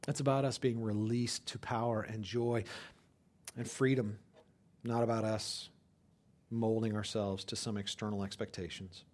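A man preaching a sermon to his church, addressing the congregation directly as "you guys". He swings from loud, emphatic lines to hushed, almost whispered ones. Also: lowish voice, flat delivery, unhurried. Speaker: pastor.

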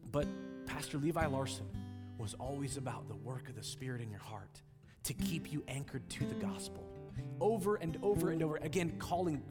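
A man preaching as pastor and leading communion, earnest and emotional, often repeating words as he presses a point. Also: medium pitch. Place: large church hall. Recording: church hall reverb with music.

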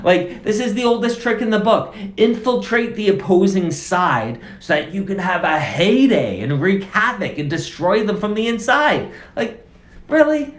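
Male preacher, fairly high voice, echoey. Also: animated, unhurried. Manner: conversational, emphatic repetition. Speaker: pastor. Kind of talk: sermon. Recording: roomy echo.

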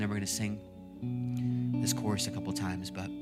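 A man's voice: sits low, monotone, a little fast, long pauses. A man in his thirties preaching a sermon in a church, chatty and laughing often, then building to fervent emphasis. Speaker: pastor. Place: church stage with live band. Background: worship music playing.

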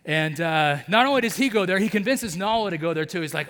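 A man's voice: on the high side, brisk, hardly any pauses, a bit bright. Chatty male pastor in an echoing hall. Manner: conversational, many fillers like "like" and "right?"; acts out characters' lines in his storytelling. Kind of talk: sermon. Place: church sanctuary.

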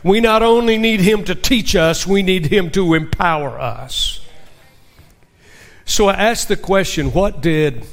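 A man's voice: sits high, unhurried, soft background music. A male pastor preaching a sermon with emphasis and asking the congregation rhetorical questions.

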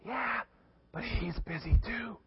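A man's voice: very high-pitched, slow, creaky, breathy edge, lo-fi sound, voice pushed up, full character voice. A man doing a whispering four-year-old boy. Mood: hushed. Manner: whispering softly.

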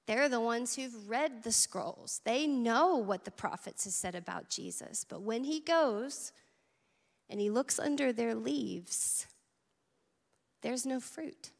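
A woman's voice: a little high, expressive, slow, gravelly, in a large hall. A woman preaching a sermon at church, earnest and conversational, with asides to the congregation. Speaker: teaching pastor.

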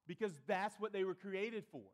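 A middle-aged man preaching a sermon as a pastor, swinging between loud emphatic lines and quiet, intimate questions to the congregation. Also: high-pitched, fairly even intonation, normal speed, long reverb tail.

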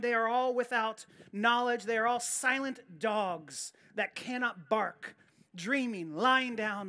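A woman's voice: on the high side, takes it slowly, sharp tone. A woman pastor preaching a sermon in an earnest, emphatic way, often repeating key phrases and restarting her sentences.

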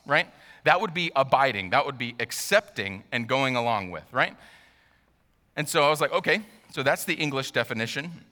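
A man preaches a relaxed, chatty sermon, ribbing himself with joking asides. His voice is bright and forceful. A long reverb rings around him in a church sanctuary. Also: mid-range voice. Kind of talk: casual sermon.

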